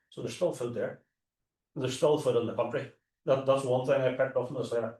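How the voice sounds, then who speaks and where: A man's voice: mid-range voice, steady tone, a little fast, darkish tone. A man with a Derry accent, a tour guide and historian, talking informally to a live audience, with frequent restarts and asides. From Northern Ireland. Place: forum hall. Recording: roomy hall, mic at a distance.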